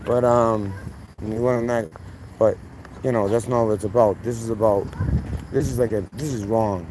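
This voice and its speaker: A man's voice: lowish voice, steady tone, moderate pace. Heated man ranting outdoors. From Massachusetts, USA. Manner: heated, profane, rambling, voice rising when worked up. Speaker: vlogger. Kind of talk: angry storytelling rant. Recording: noisy outdoor street recording.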